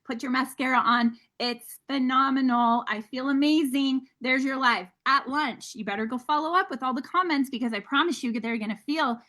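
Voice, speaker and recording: A woman with a fairly high voice leads a motivational training for her sales team. She talks energetically and candidly, calling her listeners guys. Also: moderate pace, few pauses, fairly bright tone.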